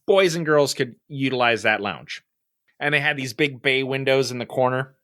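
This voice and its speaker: A young adult man co-hosts a podcast, telling stories casually and with animation while acting out the voices in them. His pitch is medium and his pace normal, in studio-quality audio with no echo, as part of a casual storytelling chat.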